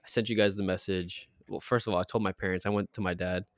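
A young man, co-hosting a casual podcast and telling a story with laughs, sometimes getting loud. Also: deep voice, quick pace, no echo, studio quality. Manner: animated storyteller, laughs often, gets loud. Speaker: podcast co-host. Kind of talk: casual chat.

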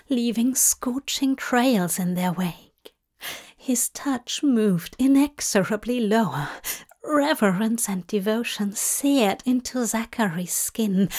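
A woman reading a story aloud in a soft, hushed narration. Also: fairly high pitch. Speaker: reader. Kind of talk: audiobook narration of fan fiction.

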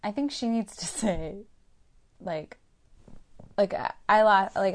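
A woman co-hosting a podcast chats casually in a mid-range voice at a slow pace. She laughs often and uses lots of fillers.

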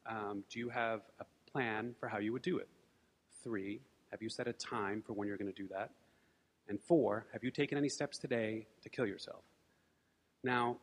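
A man telling a personal story at a brisk clip, stumbling over restarts and tossing off dry asides. His pitch sits in the middle range. A long hall reverb trails behind his voice. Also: a bit bright. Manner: rambling restarts and wry asides. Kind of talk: live storytelling monologue.

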